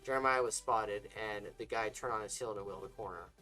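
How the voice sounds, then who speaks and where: A man's voice: fairly low pitch, fairly quick, bright, forceful tone, soft background music, rough recording. A man casually reading fiction aloud, stumbling and restarting now and then. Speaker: story reader.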